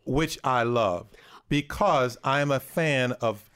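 A man's voice: mid-range voice, takes it slowly, fairly bright tone, clean tone. An American man hosts a call-in show in a middling voice. His delivery is loose and jokey, and he often restarts his sentences. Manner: joking, loose, repeats himself. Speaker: podcast host. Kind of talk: casual call-in podcast chat.

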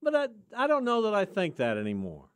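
A man hosting sports radio with a teasing, mock-offended banter style. His pitch swings widely and sits somewhat high for a man. The sound is dry and close. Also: wildly swooping pitch, fast talker, clear, resonant tone, no room sound. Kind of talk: casual sports radio chat.

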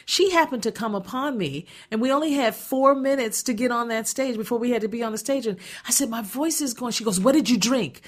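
A woman's voice: fairly high pitch, a little fast, few pauses. A woman hosting a radio talk show, chatty and emphatic, often restarting her sentences. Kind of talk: casual radio chat. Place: radio studio.

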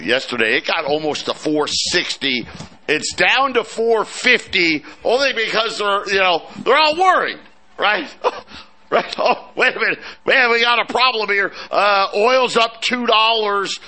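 A man hosting a markets talk show, animated and sarcastic, full of restarts and asides. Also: high-pitched, a little slow. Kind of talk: market commentary chat.

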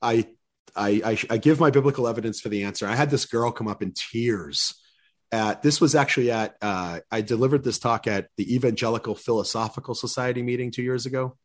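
Older male guest, earnest storyteller, stumbles into sentences, mid-pitched. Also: brisk. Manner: earnest storyteller, repeats words when starting sentences. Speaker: guest speaker. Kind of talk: casual interview chat.

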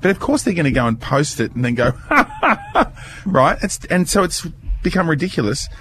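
A man's voice: on the high side, normal speed, a little hiss or hum. A man, co-hosting a podcast in casual chat, playful and acting out little quotes. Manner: expressive, playful, acts out quotes. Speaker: podcast co-host.

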